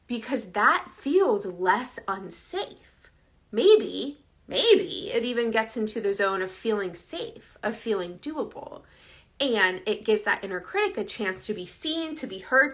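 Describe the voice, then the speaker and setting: A woman's voice: a little high, fairly bright tone. A woman coaching viewers in a casual, earnest, conversational way, often checking in with "right?". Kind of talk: casual direct-to-camera advice.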